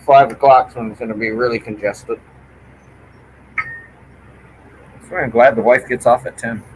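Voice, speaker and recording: With a medium-pitched, gravelly voice, a steady tone, and a measured pace, a middle-aged man from Newfoundland, Canada, chats casually in his Newfoundland accent, cursing freely. The recording is rough, with slight background noise.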